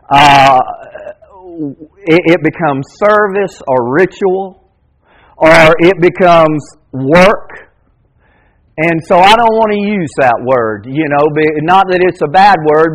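A man in his fifties preaching a sermon, building emphatic repeated questions and at times dropping to a soft, tender tone. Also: high-pitched, low-quality recording. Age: 50s. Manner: preaching with rising, emphatic repetition; drops to soft, tender tones. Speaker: pastor.

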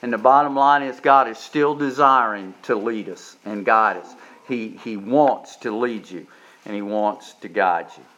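A man's voice: on the low side, a little slow, fairly bright tone. A man, preaching a sermon as pastor, repeating words and building to emphatic peaks. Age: 70s. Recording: dull lo-fi sound.

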